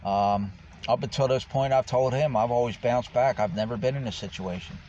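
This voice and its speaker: A homeless man vlogs casually to the camera, rambling and swearing about his life. His mid-range voice has a darkish tone and a moderate pace. The recording is dull lo-fi with faint noise.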